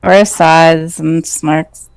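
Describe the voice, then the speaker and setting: A woman's voice: low-pitched, fairly even intonation, slow, clear, resonant tone. A woman joking around as a player in a tabletop game. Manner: playful, joking. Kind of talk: casual tabletop banter.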